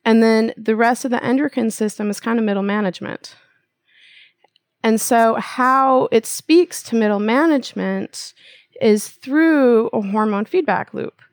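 A woman's voice: fairly high pitch, measured pace, no echo. A woman guest telling a personal story and explaining with analogies in a casual interview. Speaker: acupuncturist guest.

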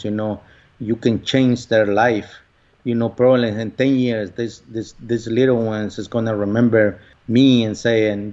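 A man being interviewed as a guest, speaking earnestly in a halting way with many fillers. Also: on the low side, darkish tone, highs cut off. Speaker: lottery winner guest. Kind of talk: conversational interview.

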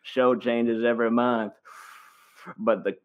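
A man impersonating a laid-back, self-assured movie star, drawling slowly with heavy vocal fry. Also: mid-range voice, flat delivery, phone-quality sound, lightly acted.

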